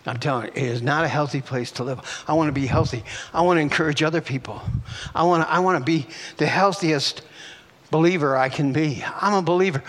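A man's voice: fairly high pitch, a little fast, big-room sound. An older man preaching a sermon, exclaiming and puffing out whews and chuckles between phrases.

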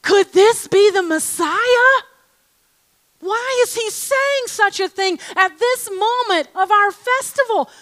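A woman plays an astonished onlooker in a festival crowd, her voice lifted high and bright. The questions come breathless and incredulous, one tumbling after another. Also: slow, full character voice. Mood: amazed. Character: astonished festival-goer wondering aloud.

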